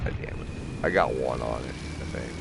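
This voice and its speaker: A man's voice: rumbling low, normal speed, vocal fry. A man giving casual, profane gameplay commentary, rambling and laughing often. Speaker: gamer playing a flight combat game. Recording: game noise in the background.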